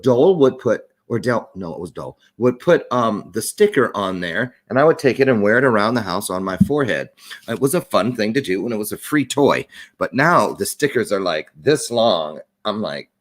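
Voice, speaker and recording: A man's voice: lowish voice, a bit bright. A middle-aged man hosting a live-streamed talk show, chatty and playful with jokey asides.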